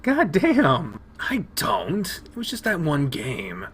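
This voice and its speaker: Brief: excitable male let's play host, swears and rambles between reading, pitch jumping all over. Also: slow pace, husky. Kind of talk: visual novel reading with reactions.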